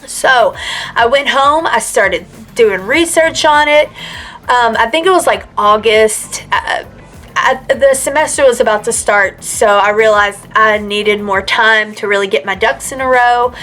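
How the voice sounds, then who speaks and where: A woman's voice: a little high, unhurried, a bit bright, faint music behind. A woman in her mid-thirties telling her own story in a chatty, earnest way, with many fillers and restarts. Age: 30s. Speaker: vlogger. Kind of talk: casual personal storytelling.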